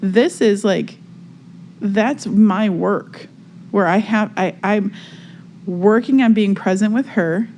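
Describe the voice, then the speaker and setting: Woman podcast cohost, thinking out loud, lots of "like"s, mid pitch. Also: slow, slight background noise. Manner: reflective, searching for words, lots of fillers. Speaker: podcast co-host. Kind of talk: casual spiritual chat.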